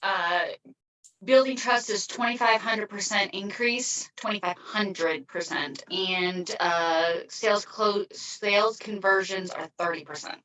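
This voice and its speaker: A woman with a bright, clear tone answers her coach on a group call. She hesitates and fills her pauses while reciting figures. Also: mid-range voice, poor audio. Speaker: coaching participant.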